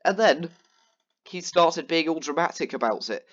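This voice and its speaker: A fairly high-voiced man rambles through a casual rant, piling up ums and false starts as he vents. The sound is dull and lo-fi, like a cheap home mic. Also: animated, normal speed, a bit bright. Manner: rambling, exasperated storytelling with many fillers. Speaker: gaming vlogger. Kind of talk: casual ranting commentary over gameplay.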